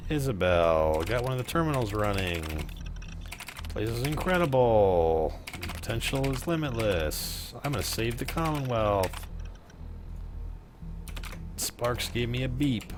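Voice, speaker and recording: Low-voiced male streamer, profane and sarcastic, chatting with viewers over a noisy desk setup. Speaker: streamer playing a game. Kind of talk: casual let's play commentary.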